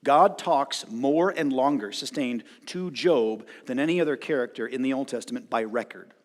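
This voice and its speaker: A male pastor preaching a sermon, retelling a story dramatically and acting out the voices with loud outbursts. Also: medium pitch, normal speed. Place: church hall. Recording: long hall reverb.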